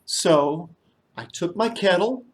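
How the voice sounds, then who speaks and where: A man's voice: high-pitched, slow pace. Playful man telling a kids' story. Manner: playful, animated, invites the group to join in. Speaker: children's storyteller at church service. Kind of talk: children's story with audience call-and-response.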